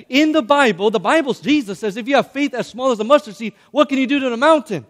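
A young man preaching a sermon, animated and calling on his listeners to answer back. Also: very high-pitched, quick pace, hardly any pauses. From Hispanic background. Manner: animated, calls on the audience to respond. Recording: long hall reverb.

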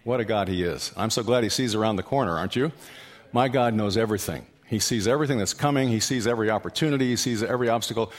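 A male pastor preaching a sermon, telling stories and asking the congregation questions, with loud animated peaks. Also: fairly low pitch, quick pace. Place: church hall. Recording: long hall reverb.

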